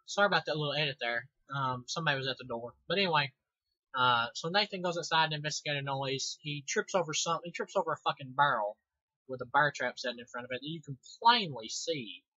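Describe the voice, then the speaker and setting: A man's voice: on the high side, quick pace, sharp tone, no room sound. Profane sarcastic young guy reviewing. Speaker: movie reviewer. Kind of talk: casual movie review. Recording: dull lo-fi home recording.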